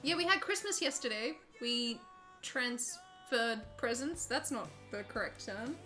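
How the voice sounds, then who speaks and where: A woman's voice: on the high side, unhurried, faint music behind. Playful Australian woman streamer. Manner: playful, giggly, animated storytelling. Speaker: streamer, host. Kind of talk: casual gaming stream chat.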